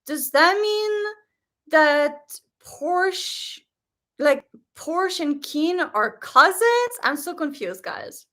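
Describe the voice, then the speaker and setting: A woman hosting a casual live stream, talking in an excitable, gushing way with lots of fillers. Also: very high voice, slow pace. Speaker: live stream host reacting to a series. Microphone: webcam setup.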